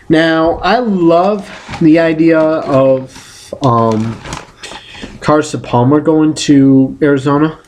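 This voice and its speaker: Man, casual vlog, unhurried delivery, rambling, self-correcting, playful outbursts. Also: medium pitch, a little hiss or hum. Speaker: vlogger giving football predictions.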